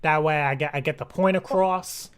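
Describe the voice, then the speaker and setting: A man with a notably high voice makes a prank call. He rambles and stammers, repeating himself, and keeps up a mock-earnest tone. He is heard over a phone call. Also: moderate pace, clean tone. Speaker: prank caller.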